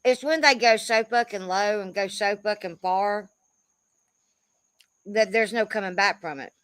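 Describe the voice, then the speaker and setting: A woman's voice: mid-range voice, a little slow, a bit bright, clear, resonant tone, dry recording. A woman in her fifties giving a blunt, profane, rambling commentary rant, often calling people "bro.". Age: 50s. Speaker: commentary creator.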